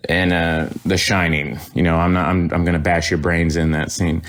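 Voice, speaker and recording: A middle-aged man, an actor and comedian, chats casually as a guest. His voice sits very low, and he rambles, restarting sentences and laughing as he goes. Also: little pitch movement, normal speed, fairly bright tone. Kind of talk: casual anecdotal chat.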